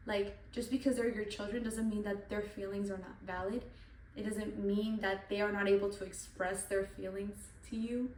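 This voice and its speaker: A woman's voice: mid-range voice, distant mic. A young woman giving an earnest devotional Bible talk, repeating herself with many "like" fillers. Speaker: channel host. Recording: echoey room, voice off-mic, faint noise.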